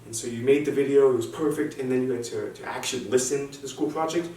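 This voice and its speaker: A man's voice: mid-range voice, fast, mellow. A young man doing a stand-up set, self-deprecating and hesitant, with frequent restarts. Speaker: stand-up comic. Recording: very echoey room, distant mic, faint hum.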